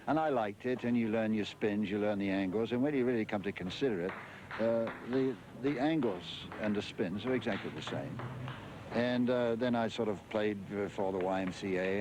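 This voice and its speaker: An older English man, a former tennis champion, recalling his career in a rambling interview full of fillers and restarts. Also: low voice. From England. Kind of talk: interview reminiscence. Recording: archive interview with clear background noise.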